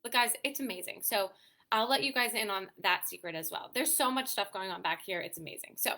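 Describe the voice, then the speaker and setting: A woman's voice: mid-range voice, a little fast, bright, forceful tone. A woman hosting a weekly live show for mothers, chatting casually and answering viewer comments with lots of "you know" and "um". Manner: frequent "you know" and "um" fillers. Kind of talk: casual live-stream chat.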